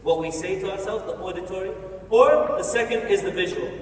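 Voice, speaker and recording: A man giving an energetic, playful motivational talk on stage in a large hall, telling the audience what to do. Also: sits high, fairly quick, a little hiss or hum. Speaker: motivational speaker. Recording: echoey hall from far off, faint ambience.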